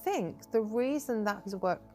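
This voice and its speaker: A woman's voice: mid-range voice, expressive, a little slow, darkish tone, soft background music. Encouraging woman teaching crafts. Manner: encouraging, chatty, praising often. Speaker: crafting workshop host. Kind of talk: hands-on craft tutorial. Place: indoor crafting table.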